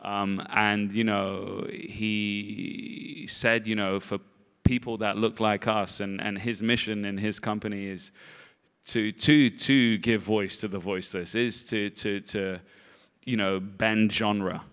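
A man answering interview questions in a rambling, halting way, repeating words and filling gaps with "you know". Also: lowish voice, steady tone, a bit bright, smooth. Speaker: film director and actor, interview guest. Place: festival stage in a large hall. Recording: long reverb of a large hall.

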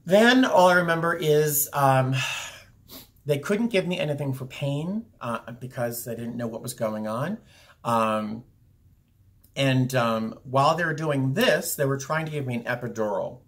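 A man's voice: medium pitch, unhurried, fairly bright tone. Young guy rambling through a story to his camera, lots of ums and restarts. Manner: rambling, with many fillers and restarts. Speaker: vlogger. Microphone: camera viewfinder, talking to camera.

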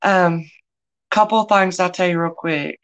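A woman's voice: fairly low pitch, fairly even intonation, a little slow, fairly bright tone. A middle-aged woman, hosting a live online sale in a chatty, folksy way and greeting viewers by name. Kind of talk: casual live-stream selling chat.

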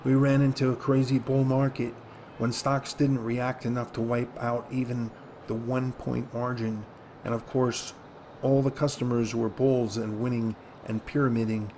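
A man reading a first-person story aloud as an audiobook, in a steady, measured way. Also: mid-range voice, a little hiss or hum. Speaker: audiobook reader.

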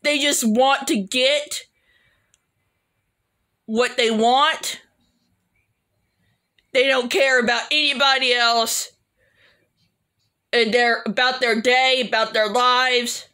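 A woman hosting a reaction video, giving slow, scolding commentary on clips. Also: a little high, steady tone, sharp tone.

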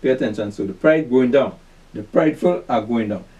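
A man's voice: mid-range voice, a little fast, mellow, far from the mic, poor audio. A man preaching and teaching scripture, reading verses aloud and asking the listeners questions to answer. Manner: call-and-response questions, repeats "you see that"; reads verses aloud then comments emphatically.

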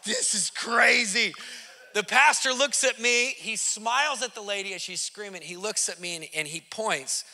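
A man hosting a podcast, telling a story in an excitable, emphatic way with bursts of laughter. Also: high voice. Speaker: podcast host. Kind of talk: animated storytelling.

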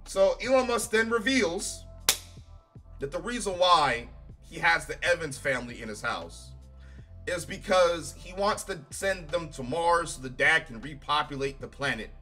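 A man's voice: on the high side, animated, normal speed, sharp tone. Profane exasperated male show reviewer. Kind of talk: casual reaction commentary. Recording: faint music behind.

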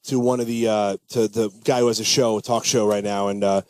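A man's voice: on the low side, steady tone, fairly quick, darkish tone, dry recording. A man, a comedian and impressionist, telling a rambling story in casual talk-show chat, with many fillers and restarts. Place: radio studio.

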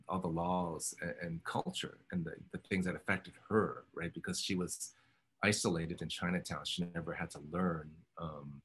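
A man in his fifties from Oakland, California, reflects on his past in an oral history interview, thoughtful and rambling with many ums and self-corrections. His voice is low-pitched with a fairly bright tone, over slight background noise.

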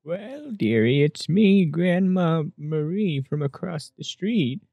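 A man's voice: fairly high pitch, very animated, slow pace, vocal fry, mellow, no room sound, highs cut off, soft background music, pitched above the performer's own voice, heavily acted. A man voicing a sweet elderly grandmother from across the street, with a sugary, raised voice. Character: sweet old grandma neighbor.

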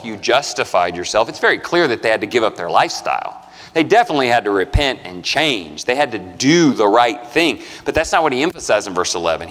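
A male preacher delivers a sermon from the pulpit, and his mid-range voice rings out through a big room with a long reverb tail. He is emphatic, pushing some lines up loud and high and letting others sink low and soft. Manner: emphatic, swings from loud rising lines to quiet low ones. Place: church sanctuary.

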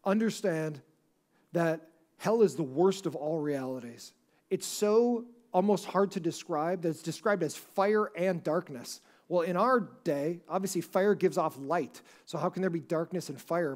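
A man's voice: high voice, normal speed, a little mellow. A man preaching a sermon as pastor, talking conversationally with many restarts and asking the congregation questions. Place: church service before a congregation.

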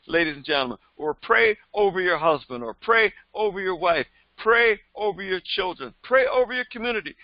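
A man's voice: high-pitched, expressive, a little fast, hardly any pauses, dry recording, lo-fi sound. A man preaching as a pastor, emphatic and repetitive in his delivery. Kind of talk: sermon.

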